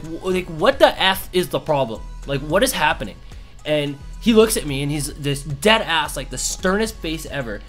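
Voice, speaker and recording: A young man casually telling a story to camera, acting out quotes with lots of fillers. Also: fairly high pitch. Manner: animated, acts out quotes, many fillers. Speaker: YouTuber.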